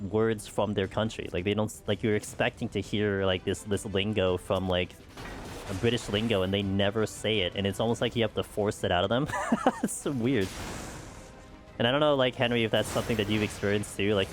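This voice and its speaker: A man's voice: on the low side, fairly even intonation, a little fast, over music. A man streaming a game, chatting casually with viewers in a rambling way full of "like" and "you know". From United States. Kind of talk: casual chat while playing.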